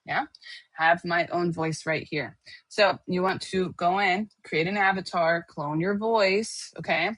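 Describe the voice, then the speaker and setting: In a dry recording, a woman with a fairly low pitch and a fairly bright tone takes her time teaching an informal screen-share tutorial online. She talks in a chatty way and checks in with her listeners frequently, tossing in "okay?" and "right?".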